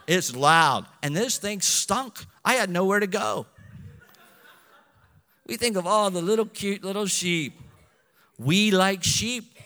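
A man, a pastor, preaching a sermon with animated delivery, swinging between loud and hushed passages. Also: sits high, measured pace, long reverb tail.

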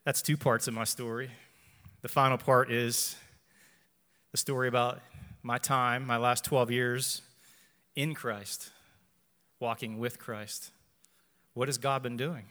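A man in his forties gives an earnest personal faith testimony to a church, speaking in measured phrases and repeating lines for emphasis. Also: mid-range voice, bright, forceful tone, long reverb tail. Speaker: church member giving testimony.

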